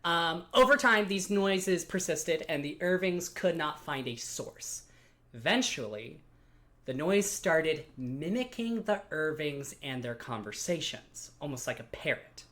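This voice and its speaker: A podcast host telling a strange story in casual chat, animated and given to fillers and giggles. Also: mid-range voice, unhurried.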